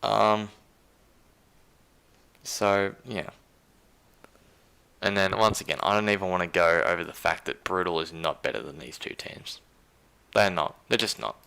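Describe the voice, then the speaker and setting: A man's voice: low-pitched, a little slow, vocal fry, pauses often, sharp tone, clean tone. A man with an Australian accent hosting a casual live stream, rambling and incredulous as he reads chat aloud. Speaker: stream host.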